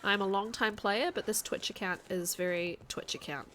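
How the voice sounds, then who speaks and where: A woman with a soft New Zealand accent, chatting casually on a live game stream, reading chat aloud and thinking out loud as she plays. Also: mid-range voice, fairly even intonation, normal speed, a little hiss or hum.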